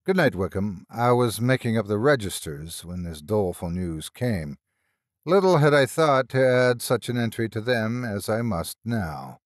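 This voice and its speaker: A male narrator voicing a formal, brisk country rector giving orders in a storybook reading. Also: lowish voice, animated, dry recording, studio quality. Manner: brisk, formal and a little impatient. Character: brisk middle-aged country rector, impatient and proper.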